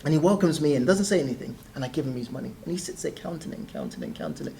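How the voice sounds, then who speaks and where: A young man, a guest telling animated stories in a casual interview and often laughing as he talks. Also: on the high side, very fast, vocal fry, a little hiss or hum. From South East London.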